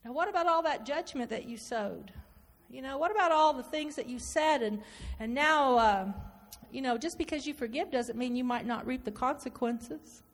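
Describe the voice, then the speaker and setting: A woman preaching a sermon, animated and repetitive, acting out inner dialogue as she speaks. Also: high-pitched, normal speed, few pauses. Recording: reverberant hall.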